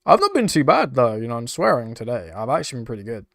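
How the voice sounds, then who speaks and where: A man's voice: medium pitch, huge pitch swings, quick pace, vocal fry, fairly bright tone, no room sound, studio quality. A young British man chatting casually on a live stream, laughing often and swearing freely as he reacts to chat. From United Kingdom. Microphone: desk microphone.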